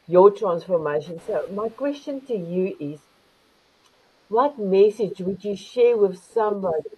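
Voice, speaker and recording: A woman's voice: mid-range voice, breathy edge. An older woman hosting an online talk show, effusive and affectionate with her guests, heard over muffled video call audio. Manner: effusive, calls guests beautiful. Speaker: host.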